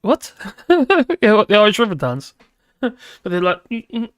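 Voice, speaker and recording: A man's voice: sits high, expressive, measured pace, fairly bright tone, no echo, clean studio sound. A man hosting a live stream, chatting casually with viewers and rambling between topics while laughing often.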